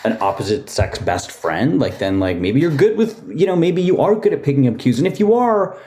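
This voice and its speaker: A man's voice: mid-range voice, fairly quick. A middle-aged man chatting casually as a podcast guest, joking and telling stories wryly. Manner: joking, wry, animated storyteller. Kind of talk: casual chat.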